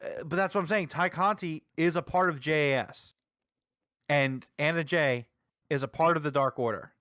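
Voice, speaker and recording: A man's voice: fairly high pitch, moderate pace, a bit bright, no room sound, studio quality. A man co-hosting a casual wrestling review chat, arguing his point emphatically and packing his talk with "like". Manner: emphatic, argumentative, heavy use of "like". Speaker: podcast co-host.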